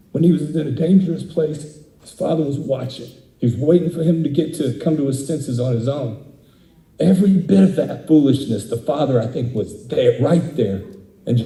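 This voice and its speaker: Candid preacher in an echoey church. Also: male voice, mid-range voice, vocal fry, dark tone. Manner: candid and conversational, laughs often. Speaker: guest speaker. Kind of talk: interactive sermon. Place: church hall.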